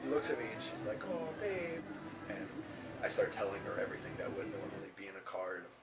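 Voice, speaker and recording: A man telling a story in a relaxed, fond way. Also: sits low, fast talker, vocal fry, distant mic. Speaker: interviewee. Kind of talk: casual storytelling. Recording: loud background noise.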